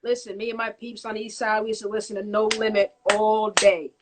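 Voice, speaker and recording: A woman's voice: medium pitch, flat delivery, brisk, a loud crowd. A woman DJ with a Rhode Island accent, chatting emphatically on a video call and repeating herself for hype. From Rhode Island, USA. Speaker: DJ, battle contestant. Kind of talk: casual interview chat.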